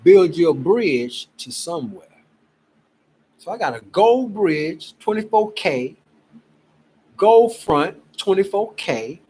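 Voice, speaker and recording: Man, husky high voice, lively and unhurried, emphatic pitchman. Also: rough recording. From Cleveland, Ohio. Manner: emphatic, exasperated, animated preaching. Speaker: gold promoter. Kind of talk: casual selling pitch to camera.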